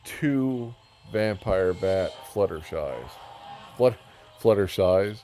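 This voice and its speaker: A man's voice: deep voice, lively intonation, a little slow, a little mellow, soft background music. A man giving casual, rambling commentary while touring a game world, joking at himself and going off on tangents. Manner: rambling, self-mocking, easily sidetracked. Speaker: gamer touring a build.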